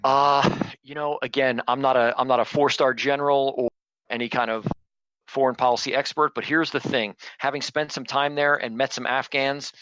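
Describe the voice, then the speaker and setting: A man's voice: medium pitch, sharp tone, no echo. A man from Philadelphia, a guest on a podcast, talking in a blunt, rambling way with many restarts. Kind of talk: casual podcast chat.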